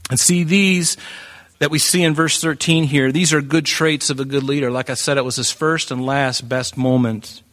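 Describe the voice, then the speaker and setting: A man preaching a sermon in an animated way, breaking into joking asides and acting out the voices of the people in his story. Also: fairly high pitch, moderate pace. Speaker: pastor.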